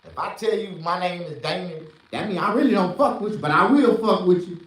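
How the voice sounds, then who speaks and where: A man delivers a rambling, profane stand-up rant, lurching from yelled lines to muttered asides. His voice is a little high and bright, with lively swings in pitch. It sounds a bit off-mic and bounces around a roomy, echoey space. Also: a little fast, recorded from a distance. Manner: loud, swinging between shouted bursts and low mutters. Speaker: stand-up comedian.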